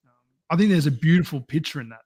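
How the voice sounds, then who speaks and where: A man's voice: fairly high pitch, animated, quick pace, darkish tone, breathy edge, dry recording. A man, the pastor co-host of a podcast, talking earnestly with stammering restarts. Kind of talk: casual chat.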